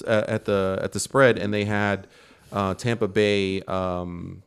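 A man hosting a podcast, explaining sports bets in a relaxed, casual chat. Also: low voice, slow pace, creaky, clean tone. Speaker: podcast host.

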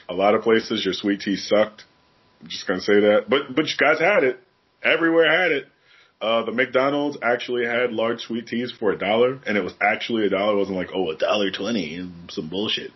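His medium-pitched voice has a breathy edge, and the audio is dull. Co-hosting a podcast, he tells stories in casual chat, candidly, profanely and with animation.

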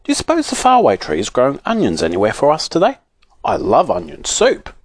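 A squeaky, muddled old saucepan man, as a man reading a storybook puts him on. He sounds high and fussy and jumps about in pitch. The sound is close and dry. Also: wildly swooping pitch, fast talker, no room sound. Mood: eager.

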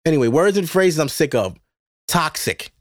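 High-voiced New York man ranting. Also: sing-song, moderate pace, very noisy. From Brooklyn, New York. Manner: profane, rambling, exasperated. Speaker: podcast host. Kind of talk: casual ranting monologue.

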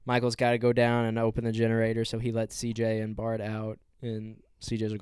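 A man's voice: fairly low pitch, completely flat delivery, a little fast, few pauses, darkish tone, smooth, dry recording, studio quality. A man co-hosting a podcast, recapping a movie scene by scene in a laid-back, casual way. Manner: laid-back recap, plot-walking with "from there". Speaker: podcast co-host. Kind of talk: casual film discussion.

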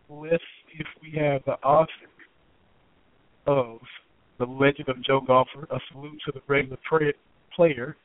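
A man in his thirties hosting a casual sports talk radio show, his voice still hoarse, chatty and folksy with many fillers. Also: fairly high pitch, dry recording. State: hoarse, recovering voice. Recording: tinny phone-line audio.

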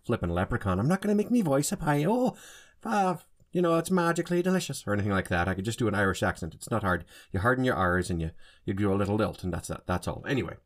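A man hosting a solo podcast in a casual monologue, rambling and often stopping to rephrase and correct himself. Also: low voice. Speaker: podcast host.

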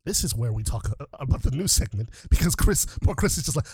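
Excitable guy on a podcast, fast talker, riffing, dry close mic. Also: medium pitch, husky, no echo. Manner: excitable, riffs with mock dialogue. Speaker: podcast co-host. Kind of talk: casual chat.

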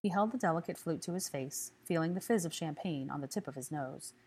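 A woman reading a story aloud as narrator, calm and even. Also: sits low, brisk. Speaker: audiobook reader. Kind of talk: scripted narration.

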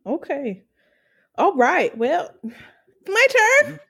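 A woman co-hosting a casual podcast, laughing a lot as she teases her friends. Her voice swings widely up and down and sits a little high. She drops in the odd swear word. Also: drawn-out words. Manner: laughs often, swears, animated teasing. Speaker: podcast co-host. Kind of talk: casual chat.

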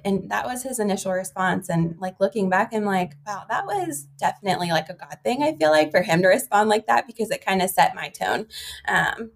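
A woman's voice: medium pitch, expressive, moderate pace, creaky. A young woman, a podcast guest, telling a personal story in a chatty way, with many fillers and quoted dialogue. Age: young adult. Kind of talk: conversational storytelling.

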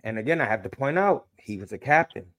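Animated man reading fan comments. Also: medium pitch, quick pace. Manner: animated, laughing, reads viewer comments aloud. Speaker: podcast co-host. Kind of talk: casual sports chat.

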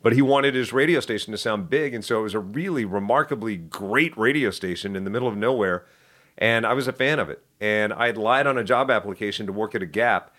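A middle-aged man telling stories from his life as an interview guest, lively and self-deprecating with quick asides. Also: fairly low pitch. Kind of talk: casual storytelling interview.

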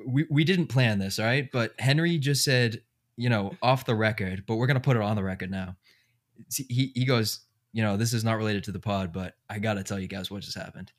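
A man's voice: fairly low pitch, brisk. A man hosting a casual sports podcast, thinking aloud with lots of fillers. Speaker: podcast host.

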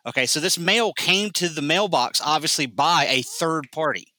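A man's voice: on the high side, lively intonation, normal speed, bright, forceful tone, no echo, poor audio. A man co-hosting a casual movie podcast, explaining plot points emphatically in an easygoing way. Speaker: podcast co-host. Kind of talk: casual movie review chat.

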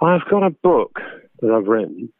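A man's voice: fairly low pitch, sing-song, moderate pace, no room sound. Male narrator as guest, chatty, self-deprecating, phone-line sound, dry. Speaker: guest, voice actor and audiobook narrator. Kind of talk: casual interview chat.

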